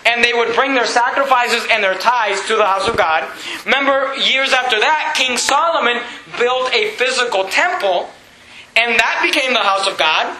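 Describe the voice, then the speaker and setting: A man's voice: very high-pitched, moderate pace, sharp tone, echoey room, poor audio. A man preaching a sermon as pastor, quoting scripture and stressing his words. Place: church.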